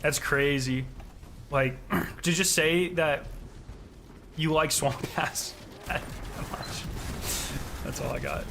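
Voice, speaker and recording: A man's voice: on the high side, slow, creaky, pauses often, sharp tone, slight background noise. A man from the States, chatting casually on a live stream in a rambling, profane way and talking straight to his chat. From Southern United States.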